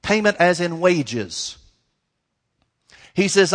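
A male pastor in full sermon, his voice sitting a little high as he leans on key words and speaks to his congregation in plain, folksy terms. His voice carries a long reverb, as if filling a big church sanctuary. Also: lively intonation, slow, a bit bright. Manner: emphatic preaching that stretches key words, folksy asides to the congregation. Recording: long reverb of a large hall.

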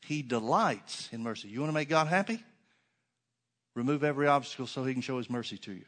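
A man preaching a sermon, reading scripture aloud and swinging between emphatic stresses and soft, quiet asides. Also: medium pitch, quick pace.

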